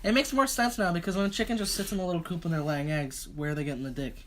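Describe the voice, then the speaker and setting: A man's voice: sits high, racing, over a noisy crowd. A young man co-hosting a casual podcast, rambling and joking crudely, laughing often and acting out what people said. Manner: rambling, jokey, laughs often, acts out quotes. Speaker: podcast co-host.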